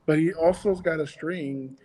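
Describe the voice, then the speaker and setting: Slightly high-voiced guy chatting about kids ministry puppets, trips over his words, big reverb. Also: unhurried, mellow. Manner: rambling, with frequent restarts. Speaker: podcast co-host, children's ministry puppeteer. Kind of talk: casual chat.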